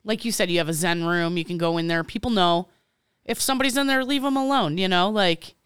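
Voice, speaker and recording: A woman's voice: on the low side, brisk, fairly bright tone, clear, resonant tone, no room sound, clean studio sound. A woman with a Midwestern accent co-hosting a podcast, chiming in bluntly and agreeably during casual chat. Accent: Midwestern American. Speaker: podcast co-host.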